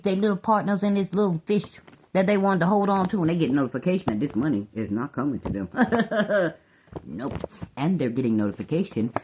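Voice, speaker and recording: A woman giving a casual tarot reading to her viewers, animated, calling everyone "baby" and laughing often. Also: fairly low pitch, slight background noise. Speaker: tarot reader.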